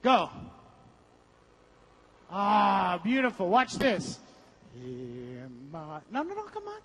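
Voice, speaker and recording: A man's voice: sits high, big pitch swings, slow pace, creaky, a bit bright, big-room sound. A man leading a motivational seminar, coaching the audience energetically and breaking into song. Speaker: seminar speaker. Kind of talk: motivational seminar with group singing.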